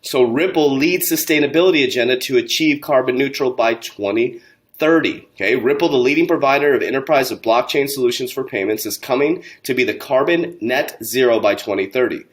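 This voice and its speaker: A man's voice: medium pitch, fairly quick. A man hosting a crypto channel, giving heated motivational commentary, preachy and indignant, calling his listeners warriors. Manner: gets loud and indignant, rising to near shouting. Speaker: crypto channel host and coach.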